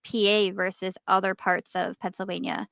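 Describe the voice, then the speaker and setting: Woman from New York, animated casual chatter, bright tone, dry muffled recording. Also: medium pitch, normal speed, creaky, no echo. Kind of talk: casual chat. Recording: dry dull lo-fi audio.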